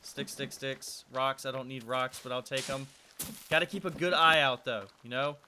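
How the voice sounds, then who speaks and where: A man's voice: medium pitch, steady tone, normal speed, sharp tone, slight background noise. A young man hosting a let's-play video, nervously talking to himself as he plays. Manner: nervous, talks to himself while playing. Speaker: gaming video host.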